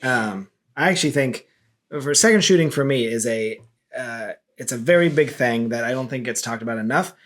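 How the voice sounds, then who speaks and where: A man co-hosting a chatty podcast, mid-pitched and easygoing. He makes dry, wry asides and often trails off into quieter mumbles before picking the thread back up. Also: normal speed. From United States. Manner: relaxed, wry asides, trails off into low mutters. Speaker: podcast co-host, photographer. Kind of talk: casual podcast chat.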